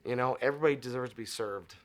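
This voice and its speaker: A man's voice: medium pitch, racing. Middle-aged male interview guest, chatty storyteller, mid-range voice, does voices for the people in his stories. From Arizona. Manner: animated storyteller acting out dialogue.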